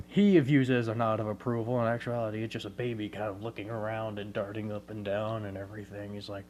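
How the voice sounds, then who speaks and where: A man's voice: fairly low pitch, steady tone, fast talker, few pauses, darkish tone, a little hiss or hum. A man telling an improvised fan story in a rambling, conversational way that keeps correcting itself.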